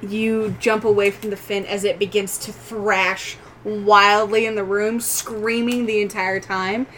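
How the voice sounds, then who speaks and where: A woman narrating as game master, describing scenes slowly and deliberately and often laughing. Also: medium pitch, flat delivery, fairly bright tone, a little hiss or hum, rough recording.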